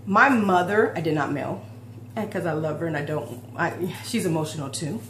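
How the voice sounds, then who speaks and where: A woman's voice: low voice, moderate pace. A woman in her forties talking heartfelt and emotional in a personal vlog, rambling with restarts. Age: 40s. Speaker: fitness vlogger. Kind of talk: personal confessional vlog talk. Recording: roomy echo with faint hum.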